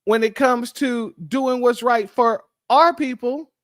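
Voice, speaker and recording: A man's voice: very high-pitched, slow, a bit bright, no echo, studio quality. Emphatic man hosting a commentary stream. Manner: emphatic, addresses viewers as family. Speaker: commentary show host. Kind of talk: casual political commentary.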